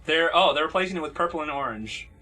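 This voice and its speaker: Male podcast host, bright voice, loose rambling delivery with swearing. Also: fairly high pitch, animated, quick pace. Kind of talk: casual podcast chat.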